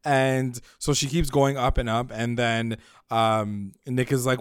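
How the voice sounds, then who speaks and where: A man casually recapping a show episode and swearing freely, jumping into loud voices when he quotes the characters. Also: medium pitch, slow, clear, resonant tone, no room sound, studio quality. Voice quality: animated, swears freely, acts out lines when retelling. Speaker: podcast co-host recapping a show. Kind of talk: casual chat.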